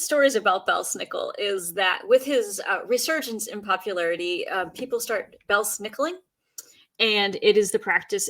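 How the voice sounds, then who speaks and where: Bright-voiced woman telling folk tales. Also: medium pitch. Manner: storytelling folklore, chatty with fillers. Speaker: podcast guest. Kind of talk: casual chat.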